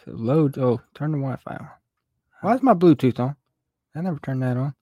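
A man's voice: medium pitch, moderate pace, dark tone, dry recording. A man co-hosting a casual podcast, easygoing, tossing in wry remarks and laughing along. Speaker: podcast co-host. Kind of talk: casual chat.

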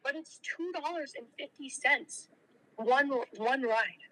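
A woman's voice: high-pitched, slow, crowd noise, poor audio. A young woman guest on a podcast, telling stories in casual chat, laughing often and swearing freely.

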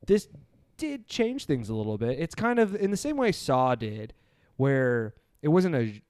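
A man with a smooth, clean voice hosts a laid-back movie podcast. He rambles loosely and pokes fun at himself. The sound is dry and close, with no room around it. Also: medium pitch, big pitch swings, a little slow, darkish tone, no echo. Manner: loose, rambling, self-deprecating. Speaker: podcast host. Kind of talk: casual podcast chat.

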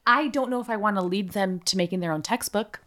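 A woman's voice: mid-range voice, brisk, fairly bright tone. A woman co-hosting a podcast, making wry, sarcastic asides during casual chat. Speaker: podcast co-host.

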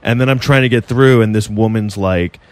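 A man's voice: fairly low pitch, fairly quick, no echo. A man telling a long story in casual podcast chat, rambling and full of fillers and swearing.

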